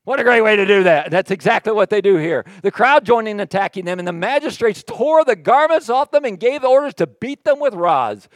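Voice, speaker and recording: A male pastor delivers an animated sermon with a high-pitched voice. He drops into quiet, jokey asides, then rises into loud, emphatic reading. The sound is dry and close, with little room echo. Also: normal speed, hardly any pauses. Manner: jokey, sarcastic asides to the congregation. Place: church.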